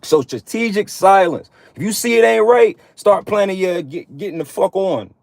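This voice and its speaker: A man's voice: high voice, lively intonation, normal speed, vocal fry, a little mellow, no echo. Profane, preachy man in a dry room. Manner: profane, repetitive, streetwise slang. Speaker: online preacher addressing men. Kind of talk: casual preachy monologue.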